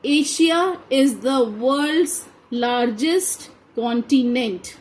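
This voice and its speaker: A woman teacher gives a grammar lesson in a high voice. She reads each example sentence deliberately and at an unhurried pace. Then she names what kind of sentence it is. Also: a little mellow, poor audio. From India. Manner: slow, deliberate, spells out each answer. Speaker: school teacher. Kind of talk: grammar lesson read aloud to a class.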